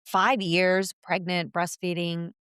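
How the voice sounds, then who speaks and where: A woman's voice: fairly low pitch, little pitch movement, slow, a bit bright, clear, resonant tone, no room sound, clean studio sound. A woman co-hosting a podcast in casual chat, talking expressively with dramatic exclamations. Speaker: podcast co-host.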